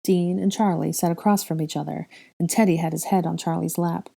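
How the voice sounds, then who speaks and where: A woman reading a fan fiction chapter aloud as narrator, in a steady, measured way. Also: fairly low pitch, gravelly.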